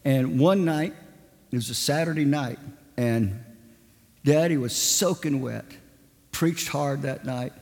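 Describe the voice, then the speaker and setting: A man's voice: mid-range voice, slow, pauses often, darkish tone. Folksy male preacher telling stories. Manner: folksy, conversational, lots of "I mean" fillers. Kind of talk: sermon storytelling. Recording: long hall reverb.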